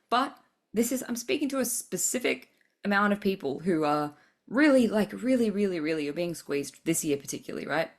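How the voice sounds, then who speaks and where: Blunt, laughing woman podcast host. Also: on the low side. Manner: blunt, profane, laughing, tough-love pep talk. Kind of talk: spiritual podcast monologue.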